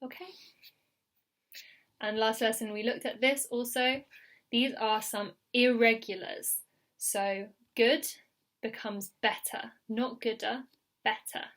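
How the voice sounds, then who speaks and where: Slow, patient woman teaching English. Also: on the high side, fairly bright tone. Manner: patient, repeats words and checks with "okay?". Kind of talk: slow recorded grammar lesson.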